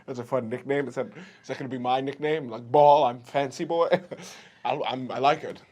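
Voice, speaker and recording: A man's voice: medium pitch, fairly even intonation, normal speed, a little mellow, close to an everyday voice. A man voicing a cocky, evasive teenage rich boy who hedges and stumbles with fillers. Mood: smug. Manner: hesitant with fillers, smug.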